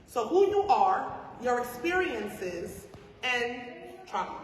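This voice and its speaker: A woman teaching a class as a spiritual teacher, talking conversationally with rhetorical questions and "right?" checks. She swings between soft asides and loud emphasis. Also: on the high side, very animated, takes it slowly, slight background noise. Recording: echoey hall from far off.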